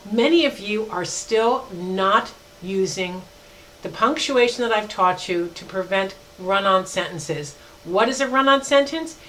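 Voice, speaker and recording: Woman, professor, recorded lecture, emphatic, slow on examples, self-correcting. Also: mid-range voice, fairly bright tone, poor audio. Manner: emphatic, slows down to spell out examples.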